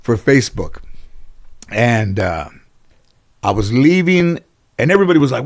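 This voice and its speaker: A man's voice: medium pitch, very animated, normal speed, vocal fry. A middle-aged man, a guest in an interview, telling casual stories in a rambling way full of "you know". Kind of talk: casual storytelling.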